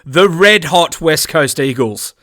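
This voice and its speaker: A man with an Australian accent co-hosting a casual sports podcast, animated and acting out the umpires' lines. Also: fairly high pitch, takes it slowly, dry recording, studio quality. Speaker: podcast co-host.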